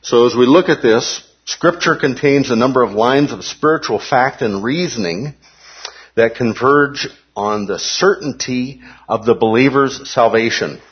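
A man's voice: mid-range voice, unhurried, breathy edge, dull audio. A man teaching a Bible study class in a conversational way, often checking in with his listeners.

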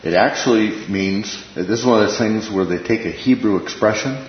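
Guy teaching a chill bible class, lowish voice, keeps saying right?, echoey muffled room. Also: normal speed, a little hiss or hum. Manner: conversational, repeats phrases, checks in with "right?". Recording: echoey room, dull lo-fi sound.

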